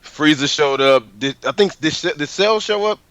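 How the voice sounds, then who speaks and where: A man chiming in as a guest in a casual review chat, loud and swearing. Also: on the high side, normal speed, clear, resonant tone, no room sound. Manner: loud, swearing, brief interjections.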